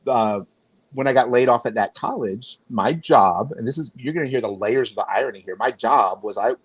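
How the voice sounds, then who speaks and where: A man's voice: mid-range voice, husky, dry recording, low-quality recording. A man talking as a podcast guest, telling stories in a rambling way and often restarting his sentences. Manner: rambling, self-correcting storyteller. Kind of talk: casual conversation.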